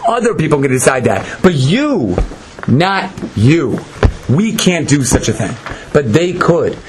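Animated man giving a dramatic Torah lesson. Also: a little high, unhurried. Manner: emphatic, dramatic, acts out quotes. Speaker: Torah teacher. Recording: noisy lecture recording.

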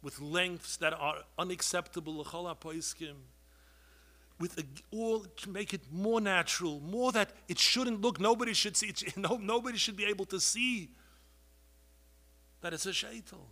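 Preacher guy, high bright voice, passionate, keeps pleading, everywhere. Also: moderate pace. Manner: pleading, rises to loud outbursts, heavy Yiddish and Hebrew terms. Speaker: rabbi giving a talk. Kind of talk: impassioned sermon.

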